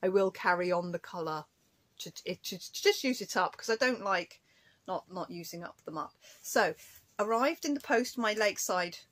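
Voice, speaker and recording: A woman's voice: medium pitch, lively intonation, normal speed, a bit bright. Chatty woman rambling about stitching. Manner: chatty, rambling, scolding her cat between asides. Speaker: cross-stitch vlogger. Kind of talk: casual chat to camera.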